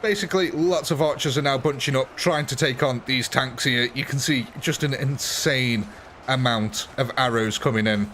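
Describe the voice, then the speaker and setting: A man's voice: medium pitch, moderate pace, a bit bright, slight background noise. A man giving chatty, amused live commentary on a strategy game while thanking viewers and answering chat. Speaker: game streamer.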